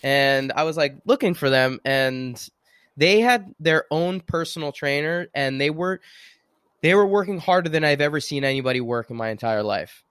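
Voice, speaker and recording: A man hosting a podcast, telling an animated story in casual chat and acting out the quotes. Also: fairly high pitch, normal speed, clean tone, no room sound, studio quality. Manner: lively, animated storyteller who acts out quotes. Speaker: podcast host.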